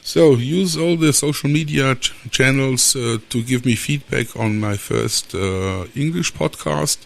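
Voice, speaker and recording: A man's voice: mid-range voice, unhurried, creaky. A man from Germany with a German accent, hosting his own podcast alone and talking hesitantly with many filler sounds. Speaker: podcast host. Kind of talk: solo podcast monologue.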